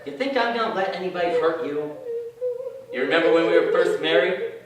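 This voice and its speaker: A man's voice: fairly high pitch, lively intonation, a little fast, noisy background, close to an everyday voice. An actor playing a grumbling, bossy older husband who stammers through his bravado, in a live stage comedy. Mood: blustering. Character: older blustering male caterer husband. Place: theater stage. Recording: distant stage mic, echoey theater, audience laughter.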